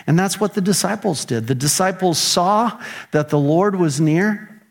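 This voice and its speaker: A middle-aged man preaching a sermon as pastor, animated and earnest, acting out his own prayers and grumbling. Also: high voice, a little slow, creaky.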